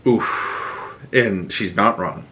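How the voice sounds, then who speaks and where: A man hosting a podcast, recapping a show in excitable casual chat, swearing freely and acting out the scenes. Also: fairly low pitch, takes it slowly, low-quality recording. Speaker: podcast host.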